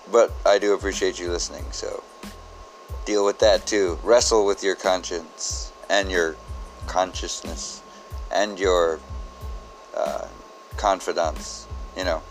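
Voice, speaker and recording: Slow, very low-voiced deadpan man. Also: rough recording. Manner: absurd, deadpan, digressive. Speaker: podcast host. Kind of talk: rambling comedic monologue.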